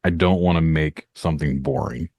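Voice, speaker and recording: A man's voice: very deep voice, fairly even intonation, normal speed, no echo, dull audio. A man from Northern Indiana, hosting a podcast in a rambling, talkative way. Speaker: podcast host. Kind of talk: casual podcast chat.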